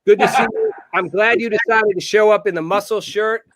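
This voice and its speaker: A man hosting a live call-in talk show, brisk and joking, asking guests pointed questions. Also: high voice, steady tone, fairly bright tone. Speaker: host.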